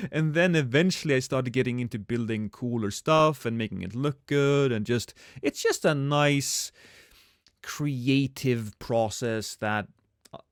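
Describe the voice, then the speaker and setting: A man's voice: medium pitch, no room sound, studio quality. A man co-hosting a gaming podcast, chatting casually in a laid-back, rambling way and laughing often. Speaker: podcast co-host. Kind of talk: casual chat.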